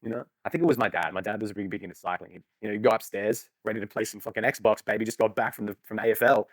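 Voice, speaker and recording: A man's voice: lowish voice, fairly even intonation, dry recording. A young man, joking and swearing freely in a casual podcast chat. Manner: rapid, joking, swears freely, laughs often.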